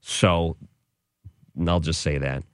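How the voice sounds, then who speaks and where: Low-voiced guy on late night radio, chatty and excited, super dry studio sound. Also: slow pace, clear, resonant tone, dry recording. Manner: enthusiastic, chatty, with restarts. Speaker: overnight radio show host. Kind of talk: casual radio talk. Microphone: studio microphone.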